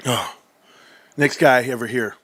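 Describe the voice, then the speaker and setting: A man hosting a livestream, reading through financial reports with excitable commentary that swings from muttering to yelling, his voice going hoarse. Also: mid-range voice, a little slow, no echo. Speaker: livestream host.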